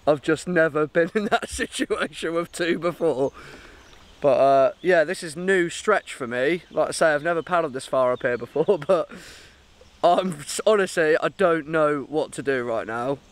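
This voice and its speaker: A man's voice: a little high, moderate pace. A man talking casually to camera outdoors, by a river and in woods, chatty and laughing often at himself. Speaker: outdoor vlogger.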